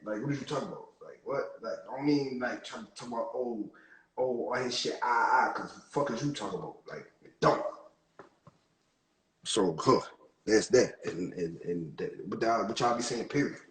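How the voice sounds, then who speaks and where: A man's voice: fairly low pitch, normal speed, poor audio. A young man venting on a phone livestream, rambling, swearing and trailing off mid-thought. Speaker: rapper on livestream. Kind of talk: livestream rant.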